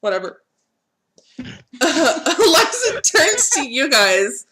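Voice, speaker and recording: A woman's voice: high voice, sing-song, slow, pushed and bright, slight background noise. A woman game master narrating a tabletop game in a casual, chatty way, full of fillers and swearing.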